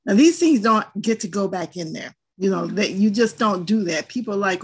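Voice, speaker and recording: A woman's voice: mid-range voice, animated, brisk, few pauses, husky. An older woman and grandmother, speaking in a firm, earnest way in a group discussion and telling stories from home. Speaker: panelist. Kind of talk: casual discussion.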